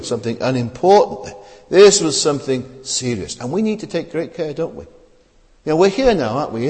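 Earnest preacher in a reverberant hall. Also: male voice, on the low side, darkish tone. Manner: earnest, rhetorical questions, frequent "uh" fillers. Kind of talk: sermon.

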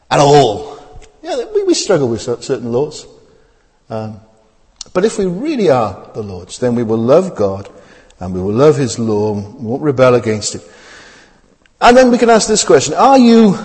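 A man preaching a sermon, asking his listeners many rhetorical questions as his voice rises and falls. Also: mid-range voice. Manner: rhetorical questions, lively rising and falling delivery. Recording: long hall reverb.

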